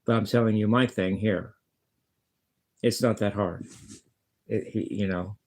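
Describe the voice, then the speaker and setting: A man's voice: on the low side, fairly even intonation, a little slow, darkish tone. A man talking casually to the camera in a blunt, rambling monologue, often swearing and stumbling over his words as he restarts sentences. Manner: blunt, swears, many restarts and stammered repeats. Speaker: vlogger, guitarist.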